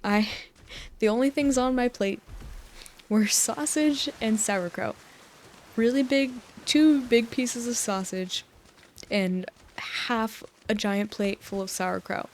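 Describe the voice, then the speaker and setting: A young woman from the United States, softly rambling and telling meandering stories with frequent laughs while playing a relaxing game. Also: on the high side, slow pace, a little hiss or hum. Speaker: gaming channel host. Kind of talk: soft-spoken rambling over relaxing gameplay.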